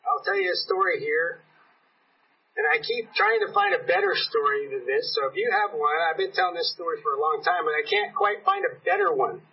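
Guy preaching in church, husky voice, mic far off and muffled, does little voices for the people in his story. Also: fairly high pitch, wildly swooping pitch, a little fast. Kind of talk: sermon. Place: church sanctuary. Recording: dull, lo-fi recording from a distance.

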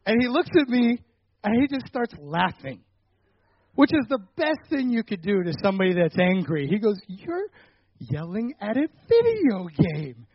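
A young man giving a personal faith testimony, telling a story animatedly and getting loud at the dramatic parts. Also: high voice, moderate pace, no echo, highs cut off. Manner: animated storytelling, rising loud when retelling anger.

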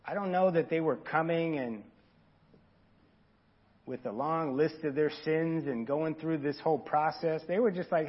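A man with a fairly high, husky voice preaches in an easygoing, earnest way, talking straight to his listeners. The sermon audio sounds dull and lo-fi. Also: a little slow. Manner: informal, earnest, talks directly to the congregation. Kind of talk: conversational sermon.

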